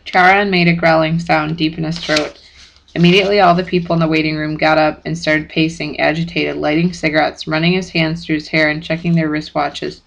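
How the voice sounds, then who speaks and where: A narrator reading a first-person chapter book aloud in steady, plain audiobook narration. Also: mid-range voice, brisk, vocal fry, poor audio.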